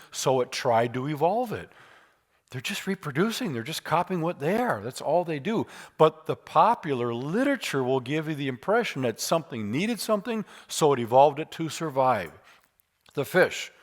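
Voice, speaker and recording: A man's voice: fairly high pitch, very animated, moderate pace. Emphatic, joking man giving a church lecture. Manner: humorous, emphatic, conversational. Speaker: church speaker teaching apologetics.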